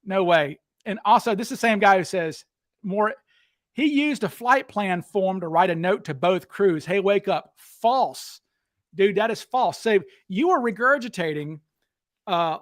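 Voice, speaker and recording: Blunt, combative Southern man, high voice. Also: a bit bright, no echo, studio quality. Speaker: host. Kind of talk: heated livestream discussion.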